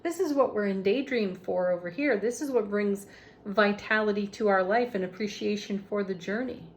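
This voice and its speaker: Soft-spoken woman giving a tarot reading. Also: mid-range voice, moderate pace, poor audio. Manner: gentle, soft-spoken, with frequent light laughs. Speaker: tarot reader. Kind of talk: casual spiritual tarot reading. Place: home, with landscaping crew outside.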